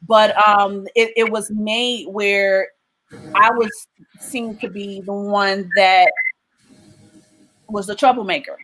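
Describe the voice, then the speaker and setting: A woman from Maryland giving an emotional personal testimony of her faith, often pausing with "um" and "right?". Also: mid-range voice, steady tone, a bit bright, a little hiss or hum, poor audio. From Maryland, USA. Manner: emotional storytelling with frequent "um" and "right?".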